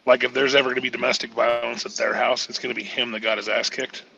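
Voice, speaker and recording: A man's voice: medium pitch, flat delivery, fast, creaky, bright, forceful tone, breathy edge, lo-fi sound. A man joining a casual panel chat and cracking blunt, crude jokes.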